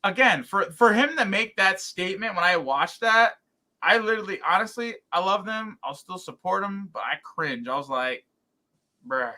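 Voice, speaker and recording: Bright-voiced rambling man. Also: high-pitched, moderate pace. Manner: animated, rambling with many fillers and restarts. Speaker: podcast co-host. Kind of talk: casual podcast chat.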